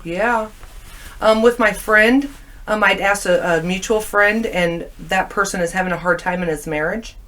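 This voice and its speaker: A woman's voice: mid-range voice, normal speed. A woman guest in casual conversation, telling stories animatedly and acting out what people said. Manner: animated storyteller, acting out quoted lines. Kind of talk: casual chat.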